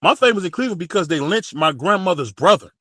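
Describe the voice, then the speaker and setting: A man's voice: high-pitched, expressive, very fast, sharp tone, no room sound. Middle-aged man, heated panel debater, dry close mic, repeats himself to hold the floor. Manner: emphatic, repeats phrases while holding the floor. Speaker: panel guest. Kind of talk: heated sports talk debate.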